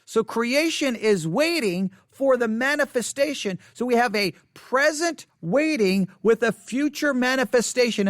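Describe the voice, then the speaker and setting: Male pastor, high voice, candid and self-deprecating, bursts of excitement, dry close sound. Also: dry recording. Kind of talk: expository Bible study sermon. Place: church.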